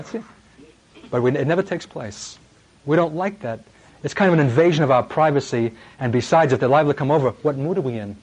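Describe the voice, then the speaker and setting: A middle-aged man preaching a sermon, impassioned and dramatic, swinging from loud emphasis to hushed words. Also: fairly high pitch, fast, slightly rough, lo-fi sound.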